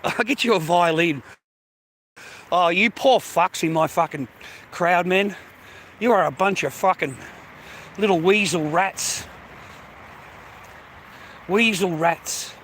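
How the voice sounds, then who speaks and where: A man's voice: high voice, a bit bright, slight background noise. An Australian man griping at his live-stream chat in casual talk, swearing heavily and laughing between complaints. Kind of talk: casual livestream rant.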